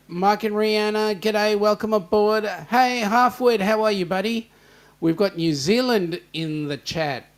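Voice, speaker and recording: Joking Australian man hosting a livestream. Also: sits high. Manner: jokey, greets chat viewers by name. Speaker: host. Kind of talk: casual livestream chat.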